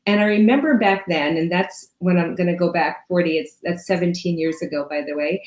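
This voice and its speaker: A woman in her fifties, a business strategist giving emphatic coaching advice and listing ideas in quick runs. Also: on the low side, a little mellow. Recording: echoey room.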